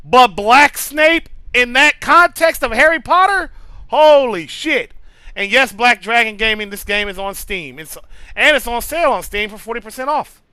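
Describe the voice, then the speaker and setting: A man's voice: extremely high pitch, expressive, a little fast, bright, forceful tone, clean tone, no room sound, rough recording. A man chatting casually with his live-stream viewers, reading out chat names, swearing freely and stammering through restarts. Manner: loose, profane, stammering restarts, reads chat names aloud.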